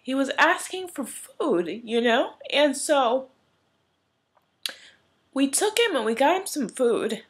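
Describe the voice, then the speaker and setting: A woman's voice: high voice, sing-song, slow pace, long pauses. Teary, rambling young woman vlogging. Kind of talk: candid vlog storytelling. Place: at home in her room.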